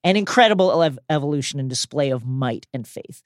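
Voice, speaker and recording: A man co-hosting a film podcast, talking excitably and slipping into mock voices when quoting. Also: medium pitch, a little fast, no room sound, studio quality. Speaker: podcast co-host. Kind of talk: enthusiastic film-recap podcast chat.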